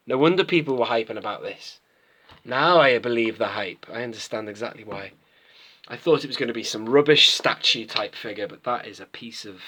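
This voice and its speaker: Here a fairly bright, medium-pitched male voice belongs to a toy-collecting vlogger, a Brit in his late thirties. He chats with enthusiasm and wanders off on tangents while unboxing and reviewing toys in a relaxed video.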